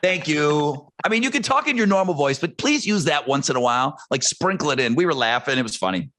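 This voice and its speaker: A radio host talks casually on a podcast. His pitch swings widely as he acts out the people in his stories, and his voice sits in an ordinary middle range. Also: very animated, fast talker, pushed and bright. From United States. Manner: storytelling, acts out quotes with big pitch swings.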